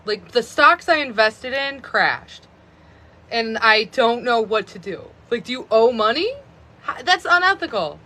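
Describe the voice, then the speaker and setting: A woman of about thirty talks into her phone on a live stream. Her voice is bright and a little sharp, and she rambles casually, stringing thoughts together with frequent fillers of "like.". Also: fairly high pitch, animated, measured pace. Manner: rambling, chatty, many fillers of "like".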